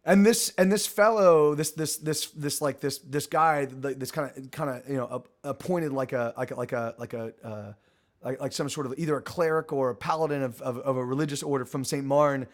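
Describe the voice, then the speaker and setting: A man's voice: medium pitch, brisk. A man narrating a tabletop game as game master, rambling with many restarts.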